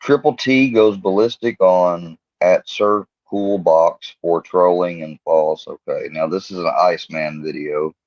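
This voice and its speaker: Deep-voiced man rambling on a livestream. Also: unhurried, hardly any pauses, darkish tone, no echo, lo-fi sound. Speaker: livestream host. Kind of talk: casual livestream commentary.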